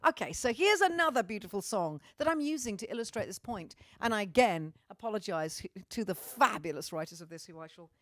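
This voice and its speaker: A woman's voice: medium pitch, animated, fairly quick, hardly any pauses, dry recording, studio quality. A middle-aged woman from Britain chatting cheekily to her fans, swearing freely and joking in a theatrical way. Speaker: vlogger and singer. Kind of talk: casual sweary monologue to fans.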